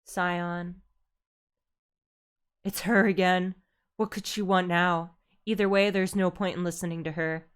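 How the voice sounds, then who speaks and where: A woman's voice: fairly low pitch, fairly even intonation, measured pace, pauses often, clear, resonant tone, natural voice. A woman reading a resolute young game hero.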